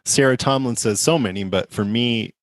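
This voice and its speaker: A man co-hosting a podcast, reading listener comments with relaxed asides in casual chat. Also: medium pitch, normal speed, no room sound. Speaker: podcast co-host.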